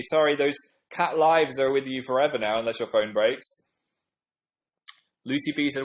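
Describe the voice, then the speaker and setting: A man's voice: a little high, fairly even intonation, normal speed, rough recording. A young man hosting a casual livestream, reading viewer comments in a playful, self-deprecating, rambling way. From northern England. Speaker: livestream host.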